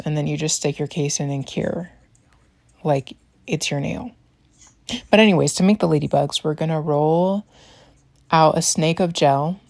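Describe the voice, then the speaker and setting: Narrating her nail routine, a young tutorial creator chats casually, wanders into side stories, keeps inserting "like" and laughs mid-speech. She has a low, darkish voice full of vocal fry, with no room sound.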